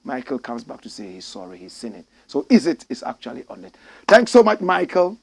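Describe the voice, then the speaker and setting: A middle-aged man with a Ghanaian English accent, hosting a political commentary show with fiery, preaching delivery that climbs to shouts. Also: medium pitch, huge pitch swings, brisk, vocal fry, husky, no echo.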